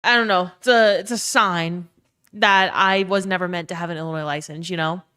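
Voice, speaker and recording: A woman's voice: fairly low pitch, fairly even intonation, normal speed, pushed and bright, clear, resonant tone. A young woman from Louisiana with a faded Southern accent, chatting casually on a live stream, swearing freely and greeting viewers by name. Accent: faded Southern American.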